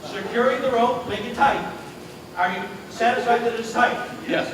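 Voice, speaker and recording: A man's voice: very high voice, normal speed. A man performing as a stage magician, chatting and joking with volunteers in front of a live audience. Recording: echoey theater hall from far off, audience noise.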